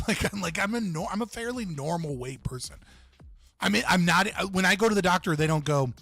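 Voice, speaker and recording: A man's voice: high-pitched, a little fast, a bit bright, dry recording, soft background music. A young man telling a story casually on a livestream, rambling with many restarts and laughing at himself. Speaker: livestream host.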